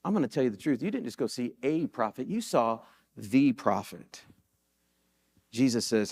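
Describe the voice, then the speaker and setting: A male pastor giving a sermon in a church, telling stories in a relaxed, conversational way and repeating key points for emphasis. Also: medium pitch, normal speed, long pauses. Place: church sanctuary.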